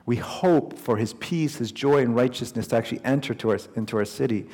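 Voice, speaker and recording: A man's voice: mid-range voice, fairly quick, hardly any pauses, a little mellow, husky. Male preacher in a reverberant hall. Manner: storytelling, conversational preaching. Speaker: pastor. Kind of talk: sermon.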